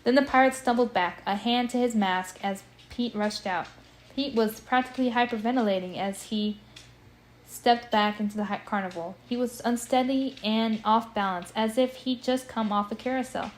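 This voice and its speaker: A woman's voice: on the high side, moderate pace, low-quality recording. Chatty woman reading aloud. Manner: chatty, expressive, breaks off to comment. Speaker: amateur audiobook reader. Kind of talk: casual read-aloud with commentary.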